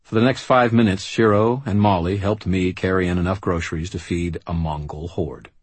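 Low, husky male narrator. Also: fairly even intonation, moderate pace, no echo. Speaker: audiobook narrator. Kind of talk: first-person scripted narration.

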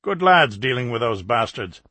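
Chatty middle-aged plumber and ex-soldier, gossipy pub talk, raised pitch, husky edge, read by a male audiobook narrator. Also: big pitch swings, normal speed, bright, forceful tone, no room sound, full character voice. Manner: gossipy, talkative.

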